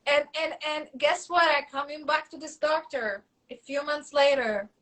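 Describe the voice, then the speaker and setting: High-voiced woman. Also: moderate pace, poor audio. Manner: animated storyteller, acts out quoted dialogue, many fillers and restarts. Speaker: guest. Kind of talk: casual interview conversation.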